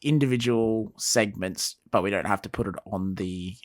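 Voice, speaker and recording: A man co-hosting a podcast in a relaxed, chuckling casual chat. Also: lowish voice, normal speed, no room sound, clean studio sound. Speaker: podcast co-host.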